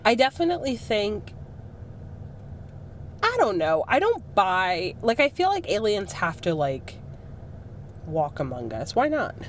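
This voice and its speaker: A woman's voice: medium pitch, wildly swooping pitch, measured pace, long pauses, a little hiss or hum. A young woman co-hosting a podcast, teasing and playful, talking casually with lots of "like.". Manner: playful, teasing, heavy use of "like". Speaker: podcast co-host. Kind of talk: casual chat.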